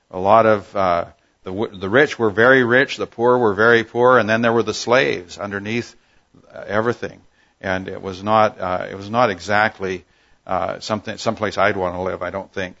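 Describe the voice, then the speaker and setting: A man teaching a Bible passage verse by verse, unhurried and thoughtful, pausing often with "uh". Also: on the low side, a bit bright, highs cut off. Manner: unhurried, thoughtful, with frequent "uh" pauses.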